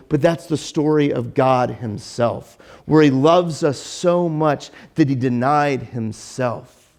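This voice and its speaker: A man's voice: fairly high pitch, creaky, darkish tone. A man preaching a casual sermon as pastor, chatty and joking, with frequent restarts and fillers. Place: church.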